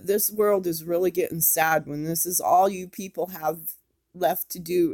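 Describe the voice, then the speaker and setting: Woman vlogger, impassioned and scolding, slow delivery. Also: on the low side, darkish tone. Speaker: YouTube commentator. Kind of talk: angry commentary vlog.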